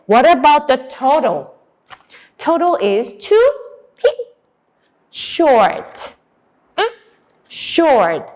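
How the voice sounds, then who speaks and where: A young woman runs a lively children's class. Her voice sits fairly high and swoops up and down, and she stretches key words for emphasis. She praises and prompts in quick bursts. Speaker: English teacher and teacher trainer. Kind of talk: demo class for young children, then teacher briefing.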